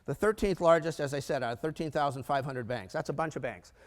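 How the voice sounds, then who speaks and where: A man gives a storytelling keynote at a conference, putting on voices for the people in his anecdotes. His voice sits a little higher than most men's, and a long reverb from the hall trails each phrase. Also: fast. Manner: animated storyteller who acts out quoted dialogue. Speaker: conference speaker.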